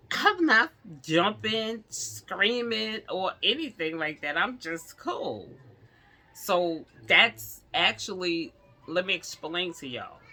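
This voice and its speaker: A woman vlogger telling a personal story to her viewers in a casual, animated way, laughing often. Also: fairly low pitch.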